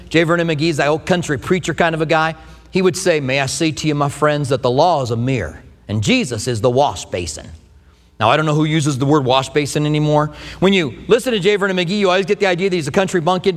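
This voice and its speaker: A middle-aged man preaching a sermon, telling stories with humor in an animated way. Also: on the high side. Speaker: pastor. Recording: long hall reverb.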